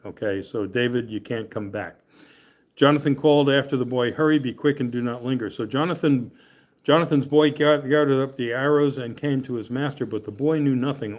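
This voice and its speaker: A man at an ordinary middle pitch leads a Bible study in a loose, conversational way. He reads scripture aloud, breaks off to explain it with jokes, and keeps checking in with his class. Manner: chatty and joking, often laughing and checking in with "okay?". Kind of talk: casual Bible study teaching and scripture reading.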